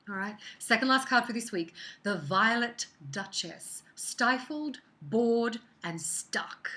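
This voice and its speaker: A woman giving a casual weekly card reading as a psychic, chatty and expressive, sometimes dropping into soft whispered asides. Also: on the low side, measured pace.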